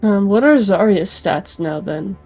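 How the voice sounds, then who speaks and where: A woman's voice: mid-range voice, expressive, a little slow, a little mellow, faint music behind. A woman playing in a tabletop role-playing game, asking casual questions. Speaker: player.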